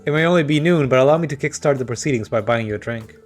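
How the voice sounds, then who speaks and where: A smooth-talking realtor, voiced by a man, speaks with formal courtesy. He talks in an everyday voice in a video game scene. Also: medium pitch, very fast, faint music behind, close to an everyday voice. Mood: courteous.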